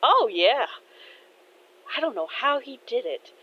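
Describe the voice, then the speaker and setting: A woman voicing a gentle, goofy middle-aged father who speaks softly and reflectively. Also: on the high side, big pitch swings, takes it slowly, voice pushed up, exaggerated voice. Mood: cheerful. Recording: dull lo-fi audio with faint noise.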